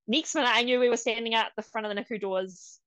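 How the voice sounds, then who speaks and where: A young woman, a podcast guest telling her story in a casual, animated way, laughing often and quoting others. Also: a little high, quick pace, smooth, dry recording, dull audio. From New Zealand.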